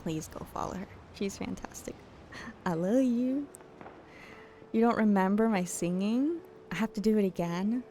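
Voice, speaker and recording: A woman streaming a game late at night, chatting casually and playfully with her viewers, teasing and giggling and sometimes dropping to a hush. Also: mid-range voice, a little fast, hardly any pauses, slight background noise. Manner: drops to a hushed late-night voice at times. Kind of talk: casual chat with live viewers.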